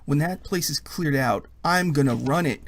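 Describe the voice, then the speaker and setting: A man's voice: a little high, moderate pace. A man playing a haughty spoiled princess. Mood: indignant. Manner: indignant, imperious. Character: haughty young bird-person princess, spoiled.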